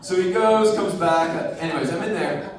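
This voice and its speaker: A man performing a stand-up comedy set on a club stage, telling his story in an animated way and acting out the people in it. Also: fairly high pitch, normal speed, heavy background noise. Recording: roomy club sound, mic heard from a distance.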